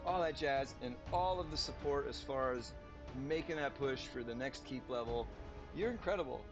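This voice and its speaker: A man, casually chatting on a live game stream, rambling, talking to himself and his viewers. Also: on the high side. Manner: rambling, talks to himself and chat. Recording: dull lo-fi stream audio with music.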